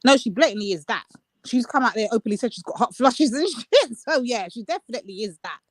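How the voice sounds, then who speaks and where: Animated woman, dry close sound. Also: fairly high pitch, fast, no room sound. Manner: animated, questioning gossip. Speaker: livestream co-host. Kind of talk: casual livestream chat.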